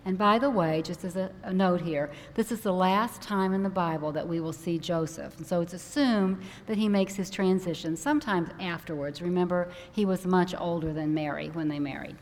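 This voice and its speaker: A woman minister giving a conversational sermon, growing animated when she acts out a worried parent. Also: fairly low pitch, moderate pace, few pauses. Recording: long hall reverb.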